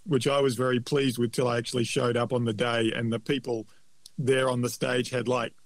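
A man's voice: medium pitch, little pitch movement, brisk, no room sound. Dry, self-deprecating man. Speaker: podcast co-host. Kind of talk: casual chat.

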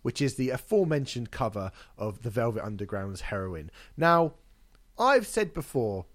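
A man from England co-hosting a podcast, chatting casually and wryly about an album, swearing freely. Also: mid-range voice. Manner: wry, swearing, mimics people in silly voices. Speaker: podcast co-host. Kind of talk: casual chat reviewing an album.

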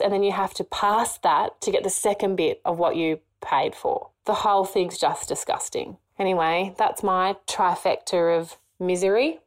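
A woman co-hosting a podcast, delivering an indignant, sarcastic rant. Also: medium pitch. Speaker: podcast co-host.

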